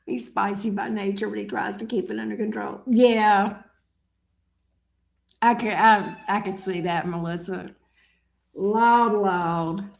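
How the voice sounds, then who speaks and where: A woman who hosts a tarot channel chats casually with her viewers and her dog, teasing and joking playfully. Her medium-pitched voice is animated and creaky, and she takes it slowly with long pauses. The room sounds echoey.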